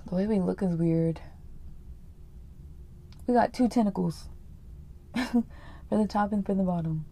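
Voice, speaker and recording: Woman reading stories out, swears a lot, sarcastic, mellow gravelly voice, dry sound. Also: medium pitch, takes it slowly, long pauses. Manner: crude, sarcastic, laughing. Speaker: reader of story submissions. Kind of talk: casual reading and reacting.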